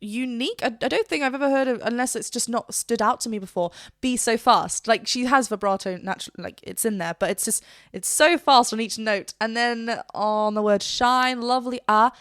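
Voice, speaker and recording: A woman vocal coach talks through a song with a bright, clear tone, her voice sitting a little high. She chats in an animated way and now and then sings a quick example line. The sound is dry and close, with faint music behind her. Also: dry recording. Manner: chatty and animated, breaks into short sung demonstrations. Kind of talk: reaction video with vocal analysis.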